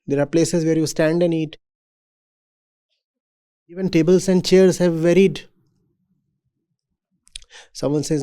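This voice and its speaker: A man giving a reflective talk to students as a spiritual teacher. He speaks in a deliberate, measured way. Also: high voice, mellow.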